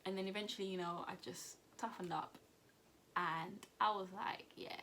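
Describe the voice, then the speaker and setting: A woman's voice: medium pitch, fairly even intonation, normal speed, pushed and bright, slight background noise. A young woman, chatting casually through a storytime vlog, retelling events with lots of fillers and acted-out quotes. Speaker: vlogger.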